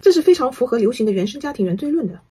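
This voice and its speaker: A woman giving analytical commentary in a brisk, knowing, critical way. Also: sits high, sing-song, warm tone, breathy edge. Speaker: online commentator.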